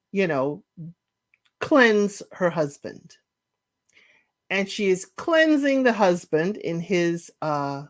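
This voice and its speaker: A woman casually recapping a TV series, acting out the characters' lines with big swings in her voice. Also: mid-range voice. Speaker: podcast host recapping a TV series.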